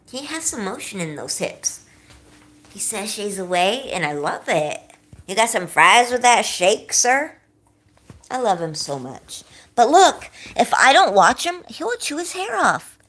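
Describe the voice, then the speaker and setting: A woman's voice: mid-range voice, fairly bright tone. A young woman hosting a livestream, chatting casually, laughing often and answering her chat as she goes. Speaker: livestream host.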